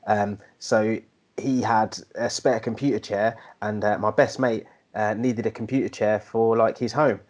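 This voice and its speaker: A man's voice: fairly low pitch, fairly even intonation, unhurried, darkish tone. A man from the UK co-hosting a casual chat podcast, talking in an earnest, reflective way with many fillers. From United Kingdom. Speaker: podcast co-host.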